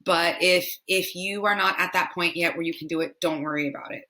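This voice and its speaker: A young woman teaching pronunciation in a language lesson, repeating each word slowly several times. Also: lowish voice, fairly even intonation, pushed and bright, a little hiss or hum. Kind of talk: slow, repetitive language lesson.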